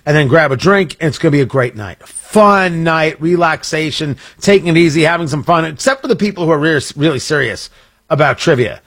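A man's voice: fairly high pitch, a little fast, fairly bright tone, no room sound. A man hosting a morning radio talk show, chatting casually and rambling with jokey asides and restarts, in a studio. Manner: rambling, self-interrupting, jokey. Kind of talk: casual on-air chat and promo. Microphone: studio microphone.

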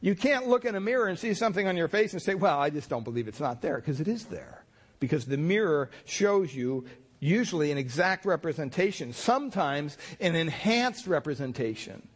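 Male pastor, fairly high voice, casual storytelling sermon. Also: very animated, a little fast, slightly rough. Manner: folksy, rambling storytelling with fillers.

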